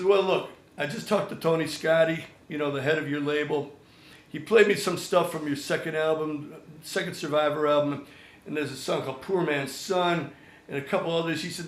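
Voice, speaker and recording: An older man spins a lively anecdote and acts out every voice in it. His voice sits a little high, and the sound is roomy and echoey. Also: a little fast. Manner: animated storyteller, acts out quotes. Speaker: songwriter guest. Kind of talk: storytelling anecdote. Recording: echoey room.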